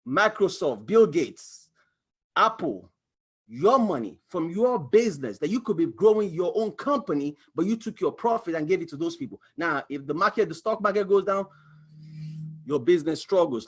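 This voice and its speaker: High-voiced guy doing a screen-share money lesson, animated, acts out the bank talking. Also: breathy edge. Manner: animated, acts out little dialogues, exclaims. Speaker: financial coach. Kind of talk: screen-share explainer talk.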